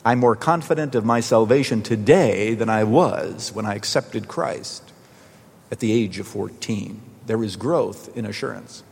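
A man preaching a sermon as a pastor, telling a story in an earnest way and slowing down for emphasis. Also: lowish voice, vocal fry, darkish tone, slightly rough, big-room sound. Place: church.

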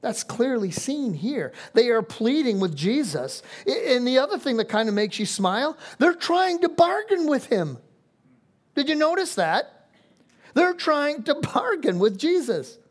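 A woman's voice: sits high, sing-song, unhurried. A woman preaching a sermon, emphatic and fond of repeating phrases for stress.

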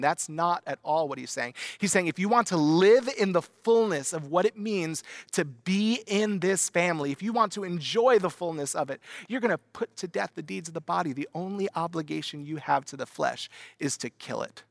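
A male pastor preaches with animated storytelling in a somewhat high, gravelly voice. His voice is recorded dry and close, with no room echo. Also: normal speed. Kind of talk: sermon.

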